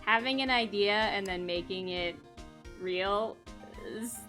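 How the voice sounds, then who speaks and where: Young woman streamer, bright and giggly, unhurried. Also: medium pitch, soft background music. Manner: giggly, chatty, animated. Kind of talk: casual live-stream chat.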